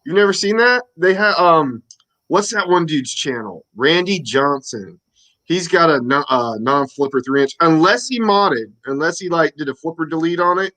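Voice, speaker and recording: A man's voice: on the high side, expressive, moderate pace, pushed and bright. A man in his thirties co-hosting a casual chat, joking, swearing and laughing often. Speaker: co-host.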